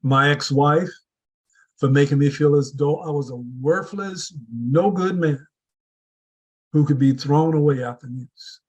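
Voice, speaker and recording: Husky-voiced man giving a motivational speech. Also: fairly high pitch, measured pace, darkish tone, poor audio. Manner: earnest, builds with repeated rhetorical questions. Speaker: speaker at a public speaking club meeting.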